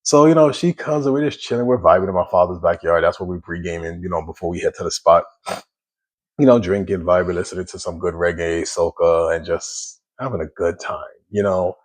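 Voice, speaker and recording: Casual storytelling from a man with a very low voice. he talks in a loose, conversational way and keeps restarting his sentences. slow, reflective pauses run through it, like he's thinking out loud as he goes. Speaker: single dad sharing his testimony.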